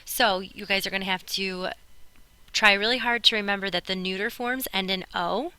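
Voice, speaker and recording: A woman teacher talks her students through a recorded grammar lesson, patient and clear. Her voice is bright and crisp, with a smooth, resonant tone. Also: mid-range voice, normal speed, no echo, low-quality recording. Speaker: Spanish teacher.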